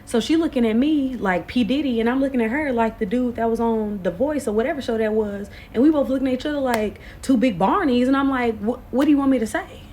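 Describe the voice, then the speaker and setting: A woman in her late twenties telling a storytime to camera, animated and expressive, full of slang. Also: on the high side, brisk, hardly any pauses, slight background noise. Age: late 20s. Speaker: vlogger. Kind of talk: casual storytime.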